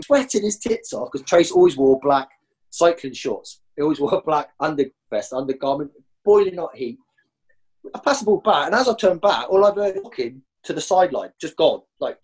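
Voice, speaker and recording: A man, a former professional footballer, telling rowdy stories as a guest and jumping high in pitch when he acts out other people. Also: breathy edge. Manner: animated, jumps high when acting out others. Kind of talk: anecdotal storytelling.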